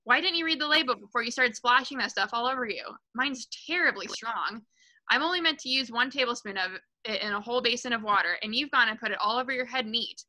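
Woman reader voices a sharp-tongued mum who shrieks and scolds, high and piercing. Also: fast, rough recording. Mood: scornful. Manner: shrieking, scornful. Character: shrill scolding mother, snobbish and sharp-tongued.

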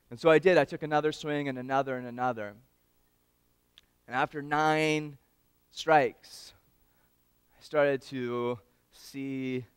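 A man giving a storytelling speech at an awards event, animated and swinging between loud and hushed moments, talking straight to the audience. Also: medium pitch, smooth, no echo, studio quality. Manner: addresses the audience directly.

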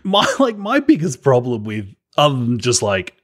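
A man's voice: mid-range voice, wildly swooping pitch, normal speed. A man co-hosting a podcast, chatting casually about a film with wry, sarcastic asides and frequent laughter. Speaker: podcast co-host. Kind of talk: casual film review chat.

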